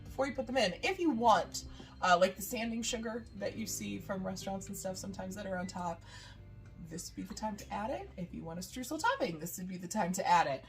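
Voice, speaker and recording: A woman's voice: mid-range voice, expressive, fairly quick, soft background music. A woman casually talking through a recipe in her kitchen, chatty and rambling. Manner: chatty, rambling, lots of "uh" and laughs. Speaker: baking vlogger. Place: home kitchen.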